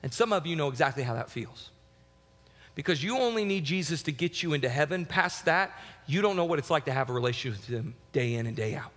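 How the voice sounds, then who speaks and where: A man preaching a sermon as pastor, telling a personal story with lively shifts from loud, excited bursts to quiet, reflective passages. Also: fairly high pitch, fast, big-room sound.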